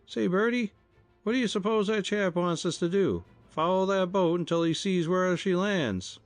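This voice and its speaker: A man voicing a cool, wry young man who mocks gently, in a storybook reading. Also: high voice, normal speed, no room sound, soft background music, voice pushed up, close to an everyday voice. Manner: cool, mocking.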